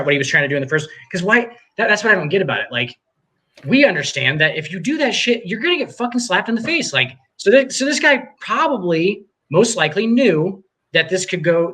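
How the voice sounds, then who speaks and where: Bright-voiced man rambling about sports. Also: a little high. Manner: rambling, profane, restarts often. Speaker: podcast co-host. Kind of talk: casual sports talk.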